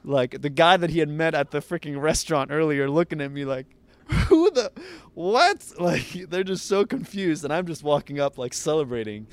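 Animated storytelling man, podcast guest. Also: a little high, a little fast, few pauses, clean tone, no room sound. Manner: lively, laughs often, acts out others' lines.

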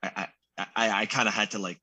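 A man's voice: lowish voice, fairly even intonation, brisk, sharp tone, slightly rough. A middle-aged man chatting as a guest in an interview, talking in loose, restarting sentences. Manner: rambling, many restarts. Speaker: guest actor. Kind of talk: casual interview chat.

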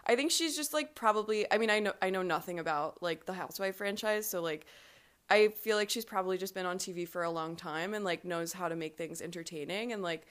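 A woman's voice: fairly low pitch, a little fast, clean tone. Rambling woman full of "like" fillers. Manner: rambling, heavy use of "like" fillers. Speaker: podcast guest. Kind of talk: casual chat recapping a reality show.

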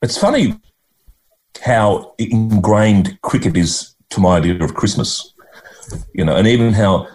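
Deep mellow Australian man reminiscing. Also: expressive, measured pace. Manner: rambling, heartfelt storytelling with many restarts. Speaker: guest, actor and writer. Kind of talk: reflective conversational interview.

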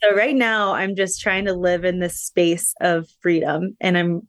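A woman's voice: on the low side, fairly even intonation, measured pace, no room sound, clean studio sound. A young woman as a podcast guest, talking candidly and reflectively about her faith and personal struggles. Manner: earnest, reflective, faith-centred talk.

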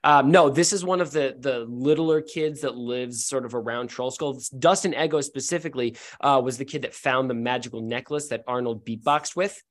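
A man's voice: mid-range voice, moderate pace, hardly any pauses. A man narrating a tabletop game as game master. He talks casually, stumbling over fillers and restarts.

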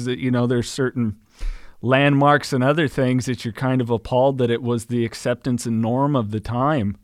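A man hosting a podcast interview, speaking in a thoughtful, measured way. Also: mid-range voice, no echo, studio quality. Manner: thoughtful, measured, laughs along. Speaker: podcast host.

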